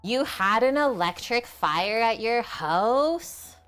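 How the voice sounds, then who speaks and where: A woman's voice: a little high, expressive, slow pace, a bit bright, clear, resonant tone, faint music behind. A young woman hosting a casual cooking livestream, chatting with viewers while she preps food in her home kitchen. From half French. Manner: chatty, reads and answers chat while cooking.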